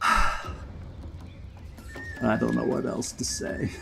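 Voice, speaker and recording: A man streaming a video game, chatting and commentating as he plays, getting excited and laughing often. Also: mid-range voice, takes it slowly, gravelly, loud music behind the voice. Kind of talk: live gameplay commentary.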